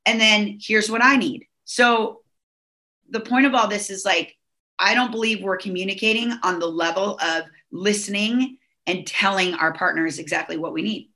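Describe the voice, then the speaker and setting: Bright, chatty woman on a podcast. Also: mid-range voice, moderate pace. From Southern California. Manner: chatty, many fillers and restarts. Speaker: podcast guest. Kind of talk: casual podcast chat.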